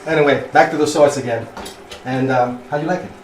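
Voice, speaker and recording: A man's voice: mid-range voice, fast, noisy background. A man from Naples with an Italian accent, casually demonstrating a home cooking recipe and chatting as he works. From Naples, Italy. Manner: chatty, loose, cheerful asides. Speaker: home cooking show host. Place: home kitchen. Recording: roomy kitchen, mic far off, loud music.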